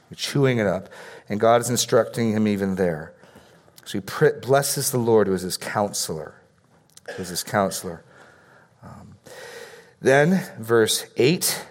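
A man's voice: fairly low pitch, a little mellow. A middle-aged male pastor preaching a sermon in a conversational way, often repeating words as he starts a phrase.

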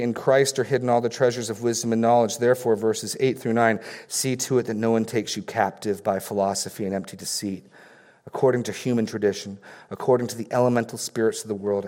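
A man's voice: mid-range voice, little pitch movement, fairly quick, a little mellow, long reverb tail. A man preaching a sermon as a pastor, reading scripture passages aloud and explaining them with pointed questions.

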